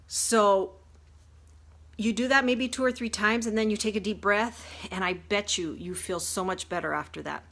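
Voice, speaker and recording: A woman's voice: lowish voice, fairly bright tone. A woman giving an earnest, chatty self-help talk on a livestream, with lots of fillers and restarts as she explains step by step. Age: adult with a grown daughter. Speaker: life coach. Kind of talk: casual teaching from a livestream. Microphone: phone or webcam livestream.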